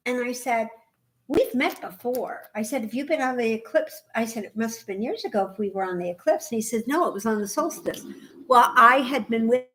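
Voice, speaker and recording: An older woman with a fairly high voice co-hosts a relaxed craft podcast. She tells stories with lots of energy, bouncing between her own voice and the voices of people in the story. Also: brisk, a little hiss or hum. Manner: animated storyteller, acts out voices. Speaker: podcast co-host. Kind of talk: casual chat.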